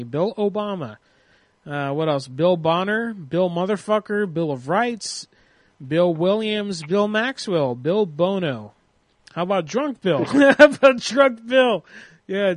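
A man's voice: sits high, dry recording. A man hosting a prank call livestream in casual, rambling chat, cursing freely and reading out viewer suggestions. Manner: rambling, profane, reads chat suggestions aloud. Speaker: prank call show host.

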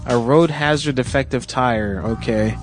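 A man's voice: medium pitch, a little slow, music in the background. A man hosting a casual talk radio show, sick and rambling through profane stories. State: sick, congested.

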